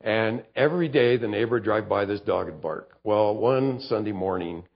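A man's voice: lowish voice, moderate pace, vocal fry. Man, pastor, conversational sermon, acts out voices, repeats words when restarting, slightly dull lo-fi sound. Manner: conversational preaching, acts out quoted speech, stammers on restarts.

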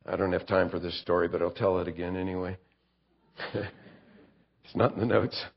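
A male pastor preaching a conversational sermon, acting out quoted lines and stumbling over quick restarts. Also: sits low, steady tone, gravelly, slightly rough, muffled recording.

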